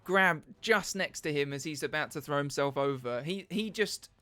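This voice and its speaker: A man narrating as dungeon master in an animated, laughing way, often searching for words. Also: a little high, normal speed. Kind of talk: narrating a tabletop game.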